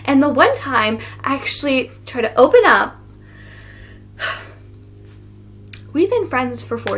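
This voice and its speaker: A woman's voice: high voice, fairly bright tone, a little hiss or hum. Teen girl playing a hurt, bitter friend. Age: teens. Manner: bitter, confrontational. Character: hurt, angry young woman confronting a selfish friend. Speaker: student actor. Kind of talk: stage monologue.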